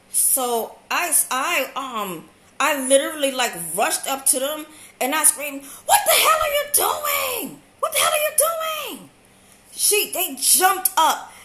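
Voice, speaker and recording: Young woman, high-pitched, animated slangy storyteller, echoey room. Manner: animated, slangy, repeats herself. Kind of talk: storytime vlog.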